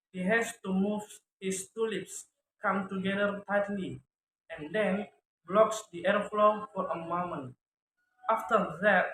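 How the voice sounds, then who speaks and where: Man, phonetics lesson read aloud, slow and deliberate, fairly high voice, echoey room. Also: a bit bright. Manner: slow, deliberate, sounds out each speech sound. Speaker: student presenter. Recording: echoey room with faint ambient noise.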